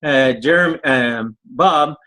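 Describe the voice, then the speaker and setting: A man's voice: medium pitch, pushed and bright, rough recording. Eager man with a French Canadian accent. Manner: grateful, eager, halting English. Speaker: panel guest. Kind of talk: webinar talk.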